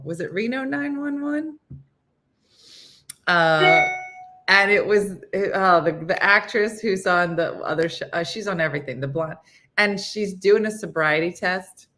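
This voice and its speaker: Rambling, chatty woman host, lowish voice. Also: a bit bright. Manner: rambling, chatty, loses her train of thought; laughs at her own stories. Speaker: morning show host. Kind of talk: casual chat.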